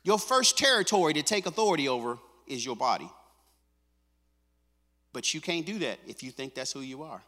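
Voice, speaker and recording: A male pastor preaching a sermon. He moves between quiet, intimate asides and loud, fervent stretches, and he repeats his phrases with a casual "man" and "come on.". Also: a little high, big pitch swings, moderate pace, long pauses, big-room sound. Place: church sanctuary.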